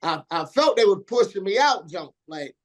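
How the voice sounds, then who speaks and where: A man in his forties from Indiana, a radio DJ telling stories as an interview guest in slangy, animated speech, acting out the people he quotes. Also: sits high, moderate pace. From Indiana, USA. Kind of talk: casual storytelling interview.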